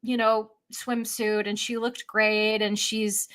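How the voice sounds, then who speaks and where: A woman's voice: medium pitch, little pitch movement, takes it slowly, fairly bright tone, clear, resonant tone. A woman therapist chatting on a podcast, giving emphatic, analytical takes on a reality show couple. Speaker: therapist guest. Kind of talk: casual podcast chat.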